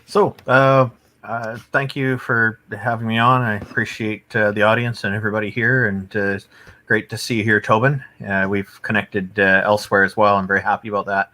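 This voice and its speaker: A man from Canada speaking haltingly with many fillers, a guest on a casual livestream chat over a video call. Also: lowish voice, flat delivery, bright, forceful tone. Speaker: guest promoting atheism organization.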